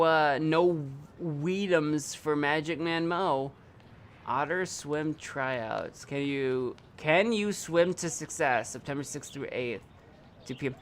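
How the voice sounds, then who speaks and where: A man's voice: fairly high pitch, fairly bright tone, a little hiss or hum. A young man streaming a video game live, rambling casually and talking back at the screen and his chat. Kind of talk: live gameplay commentary.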